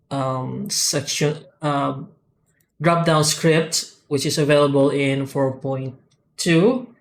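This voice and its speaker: Man, mid-pitched, for an unscripted software walkthrough: halting and methodical, with many "uh" and "um" pauses and restarts. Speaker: software tool developer demonstrating add-ons. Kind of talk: screen-recorded software tutorial.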